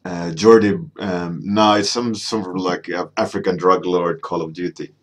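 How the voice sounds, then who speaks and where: An artist streams a painting warmup, chatting casually as he works and reading viewer chat. His male voice sits low with fairly even intonation at a normal speed, and he rambles with plenty of fillers.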